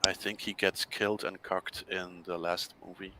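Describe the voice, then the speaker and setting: A man's voice: sits low, flat delivery, moderate pace, bright, forceful tone, no room sound, poor audio. A man hosting his own stream, chatting casually with dry jokes. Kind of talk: casual chat.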